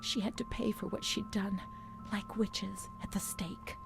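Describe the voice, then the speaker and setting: A woman voicing a haunted young woman recalling her asylum records, speaking in a whispered role-play, hushed and unsettled. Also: medium pitch, steady tone, unhurried, creaky, over loud music. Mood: uneasy whisper.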